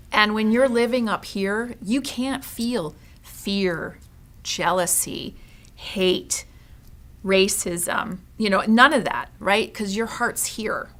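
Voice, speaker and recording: A woman's voice: mid-range voice, a bit bright, a little hiss or hum. A woman who owns a consignment store, speaking as an interview guest in an earnest, heartfelt way and often tagging her sentences with "you know" and "right".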